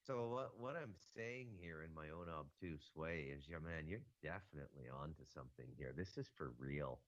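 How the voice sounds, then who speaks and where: A man talking casually as a podcast guest, rambling and halting with frequent restarts. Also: rumbling low, expressive, no room sound. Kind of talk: casual conspiracy talk. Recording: dull, muffled sound.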